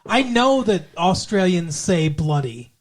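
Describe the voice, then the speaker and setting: Recapping a TV episode in casual chat, a podcast co-host speaks slowly in a high, sing-song voice. He's sarcastic and swears, often breaking into sung lines and mocking voices.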